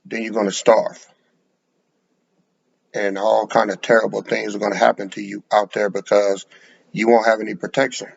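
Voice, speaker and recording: A man's voice: fairly low pitch, level tone, normal speed, creaky, long pauses. A man preaching bluntly, lecturing and repeating words as he speaks, in a dull lo-fi recording. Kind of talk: sermon to camera.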